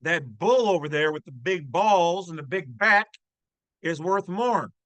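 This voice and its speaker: A man's voice: a little high, animated, measured pace, a bit bright, dry recording, poor audio. A man hosting his channel, commenting in a brash, folksy, slangy way. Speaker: channel host. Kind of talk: casual commentary on a read-aloud text.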